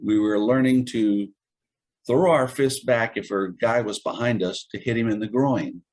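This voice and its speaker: A man in his seventies, an Army veteran, is interviewed and tells old stories with a wry chuckle in a casual storytelling style. His voice is medium in pitch and darkish in tone, and he speaks at a moderate pace.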